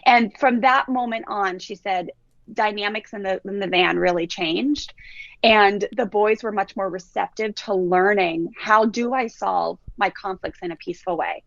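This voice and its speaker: A woman's voice: medium pitch, normal speed, vocal fry, no echo, lo-fi sound. A woman parenting coach telling stories on a podcast, acting out children's voices as she goes. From Southern California. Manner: animated storyteller who acts out kids' voices. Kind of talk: podcast conversation.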